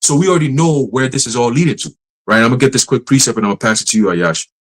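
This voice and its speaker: A man at a middle pitch preaches on a livestream in a loose, street-talk way. He is blunt and profane and laughs often. He slows right down whenever he reads a scripture verse aloud. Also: poor audio.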